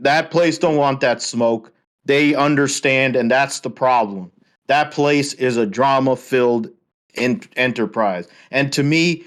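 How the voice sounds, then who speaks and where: A man hosting a podcast, ranting heatedly with a lot of swearing in casual chat. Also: mid-range voice. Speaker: podcast host.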